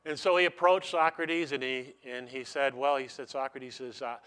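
A male pastor with a bright, forceful voice preaches conversationally and leans on repeated phrases. He talks to his listeners as if in casual chat, then turns to prayer. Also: mid-range voice, fairly even intonation, normal speed, smooth. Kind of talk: sermon.

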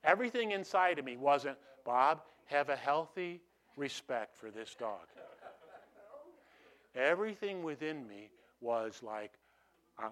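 A man preaching a sermon, telling stories with animated swings from hushed to loud and frequent restarts. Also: fairly high pitch, measured pace. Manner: repeats and restarts phrases. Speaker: pastor.

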